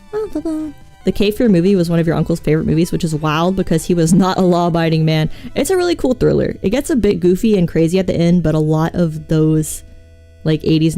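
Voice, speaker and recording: A woman's voice: on the low side, mellow. A woman streamer in casual chat, rambling about films and answering viewers' messages. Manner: chatty, rambling, reads chat aloud. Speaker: vtuber streamer.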